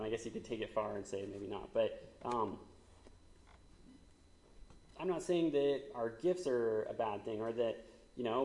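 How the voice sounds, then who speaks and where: A man's voice: mid-range voice, darkish tone, reverberant. A man, likely in his thirties, giving a conversational sermon with frequent fillers and asides, as the church's pastor.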